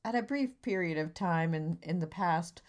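Dry, low-voiced woman co-host. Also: expressive. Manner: dry, halting, full of restarts. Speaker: podcast co-host. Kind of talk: casual comedic chat.

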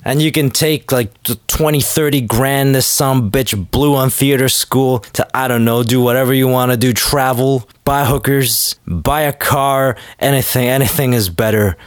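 A man's voice: mid-range voice, normal speed, no echo, clean studio sound. A man hosting a comedy podcast, rambling through jokes in a self-mocking way. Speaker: podcast host.

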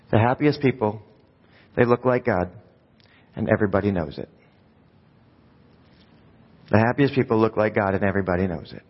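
A man's voice: mid-range voice, breathy edge. A man preaches a sermon in a church sanctuary, talking to the congregation like a conversation and tossing them rhetorical questions. His voice carries a long hall reverb. The recording sounds muffled and dull. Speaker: pastor.

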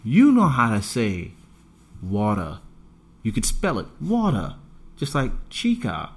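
Talker man for a podcast, heated and lively, swears a lot, big swings in pitch. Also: slow, husky. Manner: animated, profane, emphatic ranting. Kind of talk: casual podcast chat.

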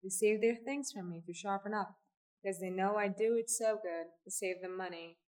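A woman's voice: medium pitch, moderate pace, a little mellow, recorded from a distance, close to an everyday voice. A woman reading aloud, voicing a persistent traveling tinker man with a folksy, coaxing way of talking. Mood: whining.

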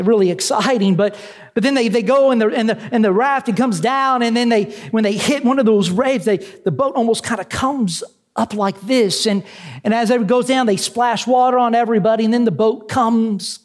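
A man preaching, telling a story as a sermon illustration, halting often with restarts and fillers. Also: high voice.

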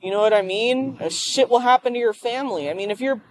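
A woman's voice: a little high, fast, a little hiss or hum. A woman ranting and swearing in a rambling monologue while she drives home. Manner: profane, ranting. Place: car.

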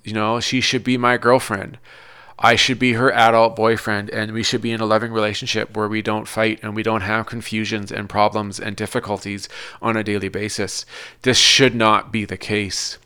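A man talking through his own struggles in a hesitant, halting personal monologue, often pausing and restarting as he searches for words. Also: on the low side, little pitch movement, pushed and bright, clean tone.

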